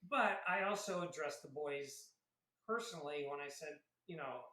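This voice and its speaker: Telling stories as a guest in a relaxed interview, this Air Force veteran in his fifties, raised in South Carolina, chats freely, laughs a lot, and acts out what people said. His slightly high voice sounds pushed and bright, with lively intonation at a moderate pace, on a rough, reverberant recording.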